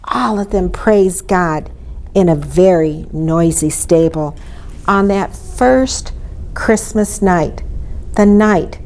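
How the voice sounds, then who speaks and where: A woman reading a children's story aloud in an expressive way, inviting her listeners to join in. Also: fairly low pitch, takes it slowly, slight background noise. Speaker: storybook reader.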